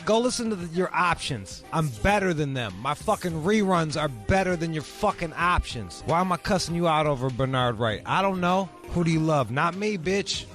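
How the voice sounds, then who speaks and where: A man's voice: on the high side, a bit bright. A man hosting a talk radio show, ranting in a brash, profane, combative way.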